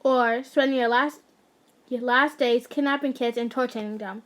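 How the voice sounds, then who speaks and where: A woman's voice: on the high side, steady tone, normal speed, close to an everyday voice. A woman voicing a cocky young captive who talks bluntly and mockingly.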